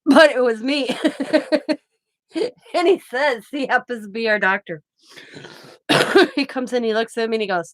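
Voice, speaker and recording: A woman's voice: fairly high pitch, measured pace, long pauses, no room sound. Chatty older woman telling stories. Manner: rambling and anecdotal, laughing often. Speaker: craft channel host. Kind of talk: casual storytelling chat.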